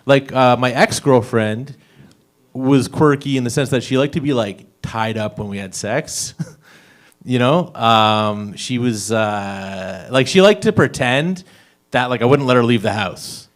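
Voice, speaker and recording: On an open mic stage, a young stand-up comedian delivers his set at a measured pace in a medium-pitched voice. He meanders through the material, chuckling at his own jokes.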